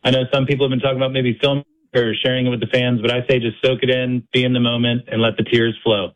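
A man calling in to a talk radio show with a middle-pitched, everyday voice. He speaks in a friendly, earnest way as he offers his good wishes. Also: flat delivery, fast, low-quality recording. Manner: friendly, earnest well-wishing. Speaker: caller. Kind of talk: phone-in call to a radio show.

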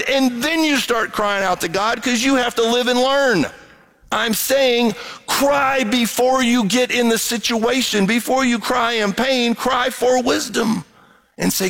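A man preaching a sermon from Proverbs, animated, acting out quotes and sound effects as he goes. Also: extremely high pitch, measured pace, creaky, poor audio.

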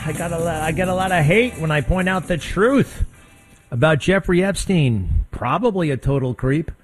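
A man's voice: a little high, dry recording. A man hosts a talk radio show into a studio mic and argues his point in a blunt, combative monologue. He rambles and restarts mid-sentence. The studio sound is very dry.

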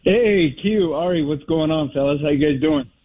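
A man's voice: on the high side, moderate pace, breathy edge. A man from Northern California calling into a radio show, heartfelt and rambling. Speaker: caller. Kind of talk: phone-in call. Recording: tinny phone line.

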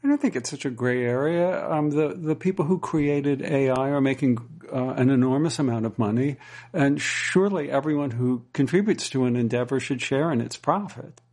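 A man's voice: medium pitch, normal speed, a little mellow. A man asking wry, probing questions in casual conversation, often restarting his words. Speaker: interviewer.

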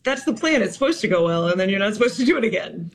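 A woman's voice: medium pitch, very fast. Laughing woman comedian chatting. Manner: laughing, animated storytelling. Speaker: guest comedian. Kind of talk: casual radio chat.

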